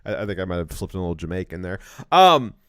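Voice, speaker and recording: A man hosting a casual political commentary show, talking in animated bursts, often restarting his words and chuckling at his own points. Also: sits low, fast talker, clear, resonant tone, no echo, clean studio sound. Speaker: show host.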